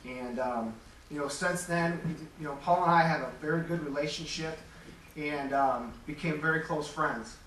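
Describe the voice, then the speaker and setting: At normal speed and with a slightly bright, highish voice, a roughly forty-year-old Metro Detroit man gives his Hall of Fame acceptance speech. He tells frank stories at his own expense, and the large hall's echo, a distant microphone, and a faint hum color the sound.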